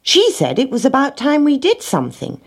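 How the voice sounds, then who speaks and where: Lady doing a sly know-it-all rat, squeaky-high and husky, smug. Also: huge pitch swings, moderate pace, full character voice. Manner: smug, knowing. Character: sly clever male rat, self-serving.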